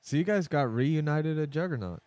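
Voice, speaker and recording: A man hosting a podcast in casual chat, adding short reactions and quick follow-up questions. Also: on the high side, expressive, a little mellow, smooth, dry recording. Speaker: podcast host.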